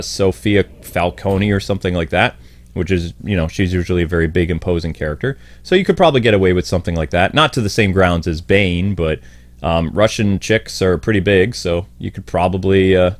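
A man's voice: lowish voice, slight background noise. A man giving rambling, opinionated commentary with frequent fillers. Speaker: video commentator.

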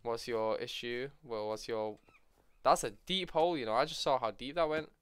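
A man's voice: medium pitch, normal speed, fairly bright tone, clear, resonant tone, no echo. A young man with a lisp, teasing his partner in casual gaming banter. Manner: teasing, joking, coughs often. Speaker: streamer.

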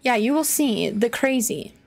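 A woman streaming a game and chatting casually with her viewers. Her voice sits fairly high and she talks at an unhurried pace. She laughs often and cries out loudly at the game. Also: animated, vocal fry. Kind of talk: casual live-stream chat while gaming.

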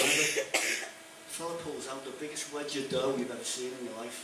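A man's voice: medium pitch, moderate pace, far from the mic, heavy background noise. A man with a Liverpool accent doing a stand-up comedy routine, telling jokes and acting out the characters in them. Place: stage in a room with an audience. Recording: echoey room recorded from afar.

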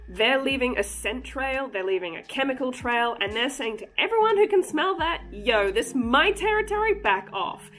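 A woman's voice: a little high, fairly bright tone. A woman hosting a casual cryptid vlog, chatty and joking, breaking into giggly asides. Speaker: cryptid channel host.

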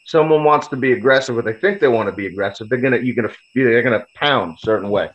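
A man's voice: medium pitch, quick pace. A man, a podcast guest, telling a story in a blunt, heavily profane, casual way. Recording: slightly dull lo-fi audio.

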